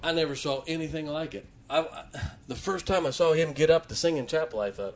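A man's voice: fairly high pitch, fairly quick, creaky, few pauses. A middle-aged man, preaching a sermon in church in a folksy storytelling manner. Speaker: pastor.

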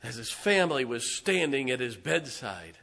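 A middle-aged man, a pastor, preaching a fervent sermon. He swings from booming declarations to hushed, intimate asides. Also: big pitch swings, moderate pace, vocal fry. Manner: impassioned, emphatic preaching with repeated phrases.

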